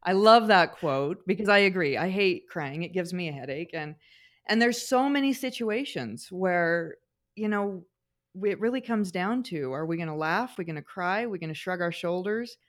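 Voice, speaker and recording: A middle-aged woman with a somewhat low voice, talking as a guest. She tells personal stories in a conversational, expressive way and is animated as she goes. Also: moderate pace. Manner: expressive, animated anecdote-teller. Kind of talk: conversational storytelling.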